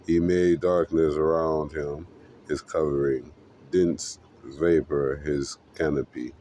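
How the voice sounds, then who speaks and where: Super deep-voiced guy reading psalms slow and earnest, flat mellow tone, faint hiss behind. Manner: earnest, unhurried, emotional reading with pauses. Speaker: scripture reader. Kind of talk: devotional Bible reading.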